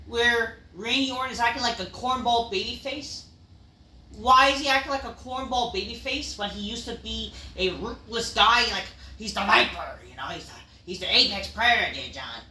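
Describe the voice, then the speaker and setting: A man rants his way through a wrestling review, rambling and swearing. His voice has a bright, sharp edge and flares into loud outbursts. It sounds distant from the mic in an echoey room. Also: sits high, normal speed. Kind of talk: casual ranting review.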